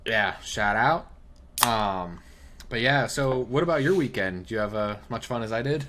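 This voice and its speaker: A man with a lowish voice chats on a casual podcast. He keeps it relaxed, answers in short bits and drops the odd curse word. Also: normal speed, a little hiss or hum. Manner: laid-back, short replies, casual swearing. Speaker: podcast co-host.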